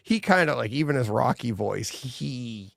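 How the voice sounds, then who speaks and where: A man's voice: medium pitch, lively intonation, a little slow, gravelly, dry recording, studio quality. A man co-hosting a podcast in casual chat, rambling and laughing often. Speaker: podcast co-host.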